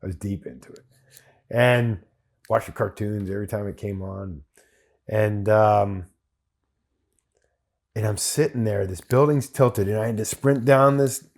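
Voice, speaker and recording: A military veteran guest on a podcast, telling a long anecdote in casual, profanity-heavy speech full of restarts. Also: male voice, fairly low pitch, darkish tone. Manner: profane, rambling anecdotal storyteller. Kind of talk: casual storytelling.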